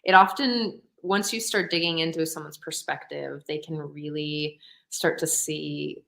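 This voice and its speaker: A woman's voice: low voice, steady tone, unhurried, creaky, a bit bright. A woman co-hosting a talk show, chatting animatedly with frequent laughter and acted-out quotes. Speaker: podcast co-host. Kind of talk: casual chat.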